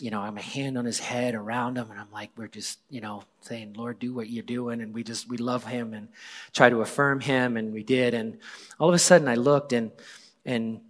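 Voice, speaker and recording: A man in his forties, a pastor, telling a personal story in a conversational sermon, often dropping to a hushed voice. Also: mid-range voice. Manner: conversational, drops to hushed tones for quoted moments. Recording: long hall reverb.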